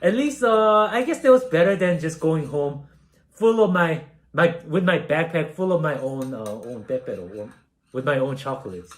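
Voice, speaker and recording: A man's voice: on the high side, expressive, normal speed. A young man from South Korea casually telling a story while baking, rambling and self-deprecating, with many fillers. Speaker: streamer.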